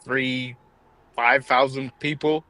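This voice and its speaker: A man's voice: medium pitch, level tone, slow, pushed and bright. A man with an English accent co-hosting a casual wrestling chat show, laughing often and rambling. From England. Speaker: podcast co-host.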